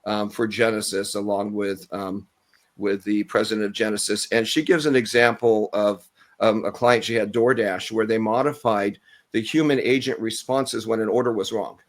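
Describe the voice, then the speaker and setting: A man speaking as an expert on a panel discussion, measured and explanatory, pausing often on "um". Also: lowish voice, steady tone. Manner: measured, explanatory, with frequent "um" pauses.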